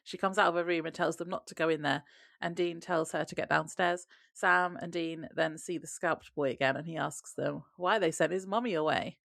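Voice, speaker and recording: Recapping an episode, this podcast co-host keeps things easygoing, laughing a lot and weaving in quoted lines. Her lowish, gravelly voice stays steady at a moderate pace with few pauses, recorded close, dry, and slightly bright.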